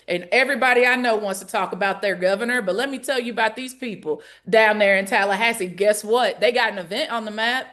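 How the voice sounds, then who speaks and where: A Southern-accented woman runs an online rally call with lots of energy. She talks in a folksy way and keeps calling out to her listeners as she hosts. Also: on the high side. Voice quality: lively, folksy, calls out to the audience. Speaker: call host and organizer.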